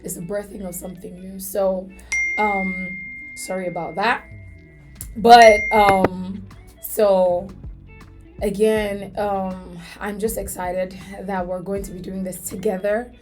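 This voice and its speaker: A woman's voice: medium pitch, level tone, slow, music in the background. A woman hosting a faith podcast, telling a story in an earnest, emotional way. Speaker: podcast host.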